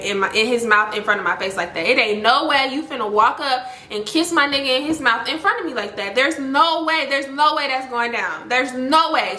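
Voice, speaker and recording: Bright, animated young woman telling a story. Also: high voice, echoey room. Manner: animated, slangy, addresses viewers as y'all. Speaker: storytime vlogger. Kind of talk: casual storytelling to camera.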